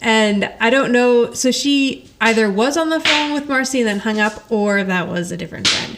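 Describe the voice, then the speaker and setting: A woman's voice: fairly high pitch, moderate pace, a bit bright, a little hiss or hum. A woman hosting a podcast, casually retelling an episode, laughing often and acting out the characters' lines. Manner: chatty storytelling, laughs often, acts out quoted lines. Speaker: podcast host recapping an episode. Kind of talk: casual chat.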